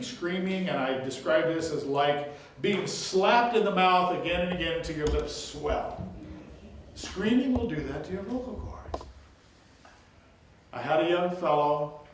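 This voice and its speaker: An older man giving a music workshop lecture, lively and demonstrative, telling stories and breaking into short sung snippets. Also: fairly high pitch. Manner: lively, demonstrative, tells anecdotes, sings snippets. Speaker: music teacher. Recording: very echoey, distant, faint hiss.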